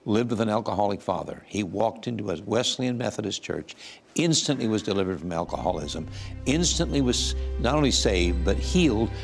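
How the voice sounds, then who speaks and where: A man's voice: fairly low pitch, lively intonation, normal speed, vocal fry. A man in his eighties, a guest earnestly telling his life story and acting out the voices he quotes. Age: 80s. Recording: music playing under the voice. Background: soft music.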